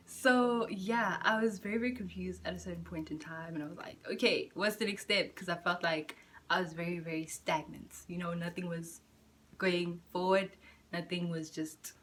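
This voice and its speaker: A young woman vlogging from home in candid, profane, slang-filled chat, jumping between loud bursts and soft near-whispers. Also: medium pitch, slight background noise. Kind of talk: casual chat to camera.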